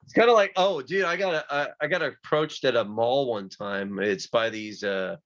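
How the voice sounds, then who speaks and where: Rambling man on a dull lo-fi recording. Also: mid-range voice. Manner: rambling, halting storytelling with many fillers. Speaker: union pipefitter guest. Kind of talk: casual chat. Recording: slightly dull lo-fi sound.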